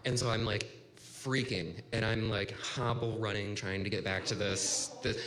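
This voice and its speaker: A man's voice: on the low side, fairly even intonation, normal speed, crowd noise. A man in his thirties telling a personal story at a live story slam, casual and rambling with lots of "like.". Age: 30s. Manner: casual, rambling, heavy use of "like". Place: bar venue with live audience. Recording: reverberant live room with faint noise.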